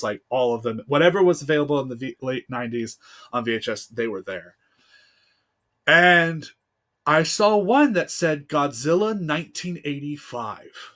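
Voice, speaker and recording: A man in his thirties from the United States, a podcast guest, shares a personal story in a casual interview chat, heartfelt and packed with fillers. His voice is medium in pitch and a bit bright.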